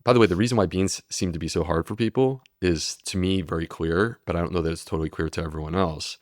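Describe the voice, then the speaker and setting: A man's voice: low voice, quick pace, no echo, clean studio sound. A man, a medical doctor, explaining steadily and earnestly in a podcast interview. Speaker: gastroenterologist guest.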